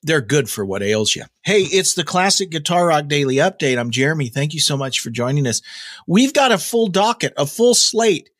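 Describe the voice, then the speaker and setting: A man's voice: fairly high pitch, animated, moderate pace, fairly bright tone. A man hosting a daily rock news podcast, talking casually with jokey asides and plenty of fillers and restarts. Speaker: podcast host.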